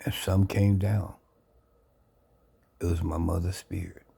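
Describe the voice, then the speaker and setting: A man earnestly sharing his life story into a phone camera, reflective and unhurried. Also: low voice, flat delivery, creaky, warm tone, husky. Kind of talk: personal testimony, casual talk.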